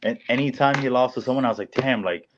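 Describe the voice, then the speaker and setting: A man co-hosting a sports podcast, speaking in a laid-back, low-key way. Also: fairly even intonation, very fast, dull audio, background noise. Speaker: podcast co-host. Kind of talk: casual sports chat.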